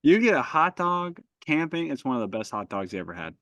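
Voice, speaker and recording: A man's voice: fairly high pitch, big pitch swings, a little fast, a bit bright, no room sound. A man co-hosting a podcast, joking and swearing in casual chat. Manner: jokey, swearing, riffing. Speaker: podcast co-host.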